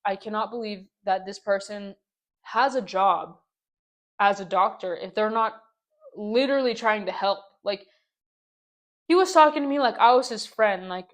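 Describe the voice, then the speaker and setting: A woman's voice: medium pitch, moderate pace. A young woman hosting her own podcast, venting in a casual story-time ramble full of "like" and exasperated repeats. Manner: exasperated, ranting, lots of "like". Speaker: podcast host.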